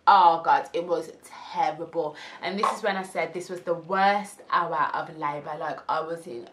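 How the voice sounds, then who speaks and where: A young woman telling a casual story, animated and acting out the people she quotes. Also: sits low, moderate pace, noisy background. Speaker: vlogger.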